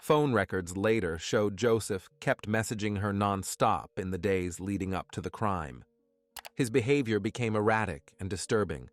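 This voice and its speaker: A man giving scripted true-crime narration in a measured, even way. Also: fairly low pitch, no echo.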